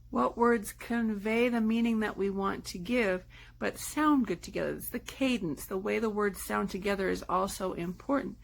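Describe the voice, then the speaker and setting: A woman's voice: mid-range voice, vocal fry. A woman teaching a poetry class, explaining step by step and checking in with the listener as she goes. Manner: friendly explaining, checks in with "right?". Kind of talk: online class lesson.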